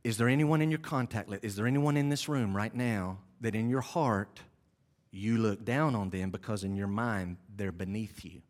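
A lowish male voice carries this sermon at a moderate pace in a church sanctuary. The pastor is emphatic, repeats key phrases, and speaks to the congregation in conversational, self-deprecating asides.

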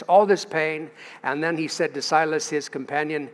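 Man, American accent, pastor, emphatic sermon, high-pitched, long church reverb. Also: steady tone. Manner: emphatic preaching with long pauses and rising stresses. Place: church sanctuary. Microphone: livestream from the pulpit.

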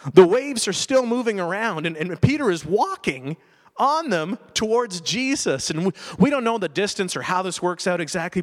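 High-voiced male preacher in a reverberant hall. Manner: storytelling, emphatic, direct questions to listeners. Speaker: pastor. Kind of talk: sermon. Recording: long reverb of a large hall.

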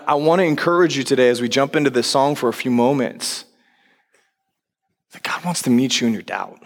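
A man preaching as a pastor, telling the story in a conversational, animated way and acting out quoted lines. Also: medium pitch. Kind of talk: sermon. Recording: long reverb of a large hall.

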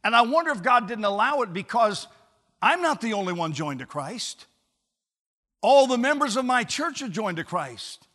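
A man preaching a sermon as pastor. He pleads earnestly and grows gradually quieter and gentler toward the end. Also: extremely high pitch, big pitch swings, moderate pace. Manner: impassioned, then softening to a hushed close. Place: church sanctuary. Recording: church sanctuary with long reverb.

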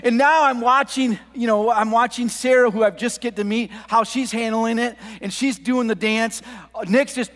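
A middle-aged male pastor preaching a sermon, telling a story and swinging from quiet asides to shouts. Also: very high-pitched, steady tone, moderate pace. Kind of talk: sermon with anecdote. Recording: long hall reverb.

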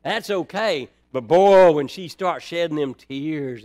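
A man preaching a sermon, folksy and dynamic, dropping to near-quiet then rising high and loud. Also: slow pace, hardly any pauses. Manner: dynamic, swings from soft to loud, folksy asides.

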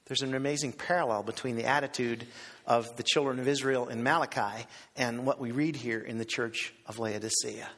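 A man preaching a sermon as pastor, animated and theatrical, acting out the voices he quotes. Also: big-room sound. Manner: animated, acts out quoted voices with big pitch swings.

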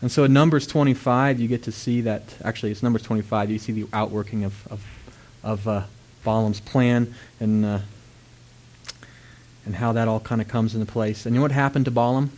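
A man preaching a sermon, retelling a story with lively, dramatic voices for its characters. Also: lowish voice, brisk. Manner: animated storytelling, acts out characters with loud outbursts.

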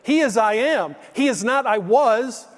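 A man's voice: very high-pitched, lively intonation, measured pace, big-room sound. A male pastor preaching a sermon, telling stories in an emphatic, conversational way.

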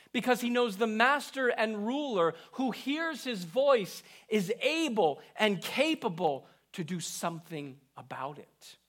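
A man with a high, light voice preaches a sermon from the pulpit. He speaks in slow, deliberate phrases, swelling into emphatic peaks and then dropping to a hush. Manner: earnest preaching, rising to emphatic peaks and dropping to hushed lines. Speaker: pastor.

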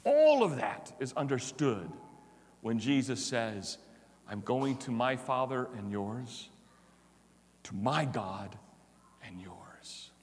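A male pastor preaching a sermon, moving from hushed, tender passages to loud, emphatic declarations. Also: medium pitch, very animated, takes it slowly, husky, long reverb tail.

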